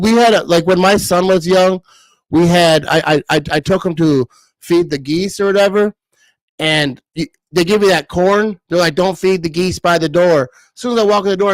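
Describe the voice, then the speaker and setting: A man's voice: fairly high pitch, no echo, poor audio. A man in his thirties hosting a casual live stream, rambling and laughing often as he reads comments. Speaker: livestream host reading comments.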